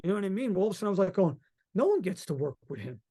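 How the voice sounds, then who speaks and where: A middle-aged man from Long Island, a musician guest telling stories in a rambling, excited way and swearing freely. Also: sits high, racing, breathy edge. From Long Island, New York. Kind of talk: casual interview chat.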